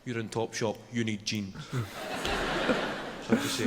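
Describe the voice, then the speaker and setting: A young Scottish man doing a stand-up routine, telling dry stories and chuckling at his own lines, with a live audience laughing loudly. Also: medium pitch, wildly swooping pitch, a little slow, very noisy. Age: young adult. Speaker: stand-up comedian. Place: comedy stage before a live audience. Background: roaring crowd laughter.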